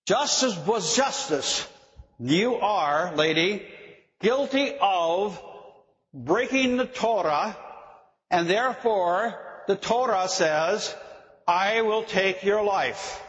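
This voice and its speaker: A man delivers a sermon in an unhurried, deliberate way, stressing his words and pausing to put questions to his listeners. The recording is dull and lo-fi, and his voice rings out with the long reverb of a large hall. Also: sits high, expressive, fairly bright tone. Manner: slow, emphatic, asks the listeners questions. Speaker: preacher.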